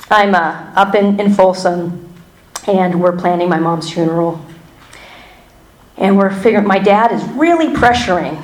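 A woman speaking candidly to a congregation about her faith and her own experience, talking in a loose conversational way with plenty of fillers, restarts and wry asides. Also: fairly low pitch. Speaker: church member giving a testimony. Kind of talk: personal testimony to a congregation. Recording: roomy hall echo.

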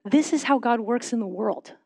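Woman pastor, higher voice, measured sermon leading silent prayer, dry close sound. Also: no echo. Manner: measured, slowing into soft reflective pauses.

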